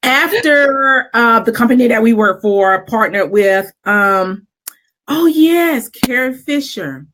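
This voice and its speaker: A middle-aged woman, telling a personal story in a casual chat, candid and animated, with lots of fillers and laughs. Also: on the high side, takes it slowly, a little hiss or hum.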